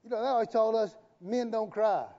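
A man's voice: high voice, fairly quick, dark tone. A man preaching a sermon as the pastor, folksy and joking, calling on the congregation to repeat after him. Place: church sanctuary. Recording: dull, reverberant live church stream.

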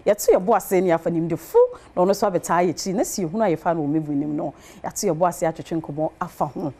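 A woman's voice: on the low side, fairly even intonation, rapid-fire, mellow, breathy edge. A woman hosting a TV chat show, talking in a sing-song way and repeating words in rhythmic runs. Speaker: talk show host. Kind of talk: lively TV chat show hosting with on-air promos.

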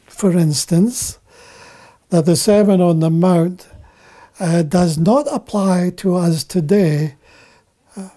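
Slow, deliberate male preacher. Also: high-pitched, warm tone. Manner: deliberate, repeats key phrases for emphasis. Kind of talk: Bible teaching sermon.

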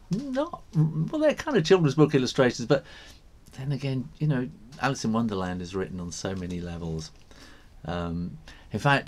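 An English man hosting a live drawing stream, chatting casually, reading out viewer comments and laughing often. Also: fairly low pitch. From England.

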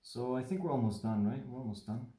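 Folding paper live on stream, a man from Mexico rambles and chats, frequently checking in with whoever's watching. His mellow, mid-range voice moves at a quick pace, and the phone or webcam recording sounds reverberant.

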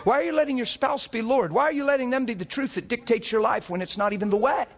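A man's voice: very high voice, fast talker, big-room sound. A man preaching a sermon to a congregation, impassioned and full of rhetorical questions that rise to emphatic peaks. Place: church service before a congregation.

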